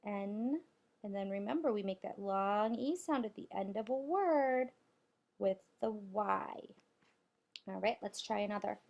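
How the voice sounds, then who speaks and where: A woman teacher giving a recorded spelling lesson to young children, spelling out letters and clapping out syllables deliberately. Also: medium pitch, vocal fry, darkish tone, highs cut off.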